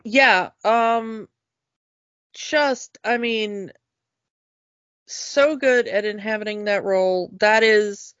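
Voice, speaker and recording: A woman chatting casually and enthusiastically on a podcast, often halting with fillers and restarts. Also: medium pitch, a bit bright, clear, resonant tone, no room sound. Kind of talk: casual chat. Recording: dull, lo-fi dry recording.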